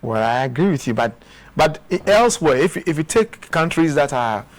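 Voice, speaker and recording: A man's voice: fairly high pitch, big pitch swings, normal speed. A man with a Ghanaian English accent, speaking as a guest in a studio interview, earnest and often repeating words as he restarts. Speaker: guest, former official.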